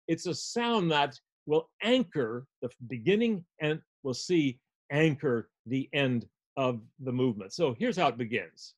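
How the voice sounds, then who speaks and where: An older man gives a music lecture at a steady middle pitch, walking listeners through a score with patient explanations. His delivery is clear and instructive, like a recorded class. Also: unhurried.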